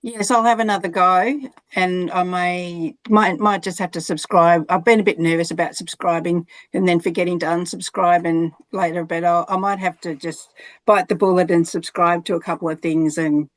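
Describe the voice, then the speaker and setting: Woman attendee, mid pitch, hesitant and friendly, dry close sound. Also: steady tone, normal speed, no room sound. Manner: hesitant, friendly, laughs easily. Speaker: webinar attendee. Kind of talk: casual video-call chat. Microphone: video call.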